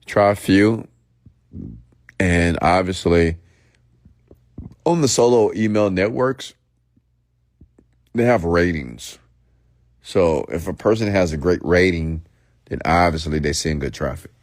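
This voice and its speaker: Host, male, very low voice, loose unscripted rant, dry close sound. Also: slow, long pauses, no echo. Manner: casual, repetitive, peppered with "okay?" and "get it?". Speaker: online marketing host.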